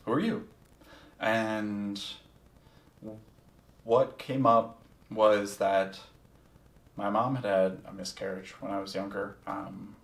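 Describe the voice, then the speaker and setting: A man with a lowish, gravelly voice tells his own story on a podcast, candid and reflective, with casual swearing. The sound is roomy and a little distant, as if he sits back from the mic. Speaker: podcast host. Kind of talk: casual first-person storytelling.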